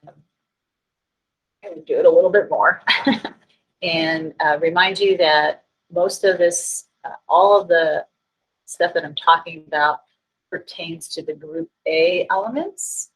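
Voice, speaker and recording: A woman's voice: deep voice, a bit bright, slightly rough, rough recording. A woman chemistry teacher giving a class lecture, chatty and self-deprecating, getting flustered by tech trouble.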